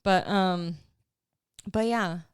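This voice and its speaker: Chatty young woman life coach, casual podcast talk, smooth voice, dry close sound. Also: on the low side, drawn-out words, no room sound. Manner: chatty and emotional, laughs often, lots of "like".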